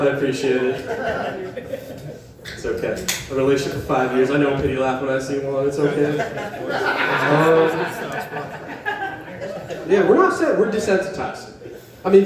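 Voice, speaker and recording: A young male comic from West Virginia works an open mic, talking in a slightly high voice and a loose, swearing, self-deprecating ramble. He keeps turning to the crowd. The camera sits well back, so the voice comes through a very echoey room with an audience laughing around him. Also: recorded from a distance. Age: young adult. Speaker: stand-up comedian. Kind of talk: open-mic stand-up set. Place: coffee shop open mic. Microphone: camera set up in the room.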